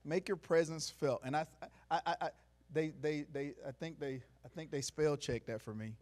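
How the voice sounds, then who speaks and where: A man giving a motivational talk to a live audience in a room, preachy, asking the crowd questions, going from quiet to loud. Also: a little high, moderate pace. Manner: preachy, call-and-response, swings from soft to loud. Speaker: motivational speaker.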